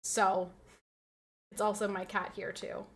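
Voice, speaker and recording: A woman's voice: medium pitch, level tone, takes it slowly, a bit bright. A woman streamer chatting casually with her viewers, rambling and laughing often as she reads and answers chat.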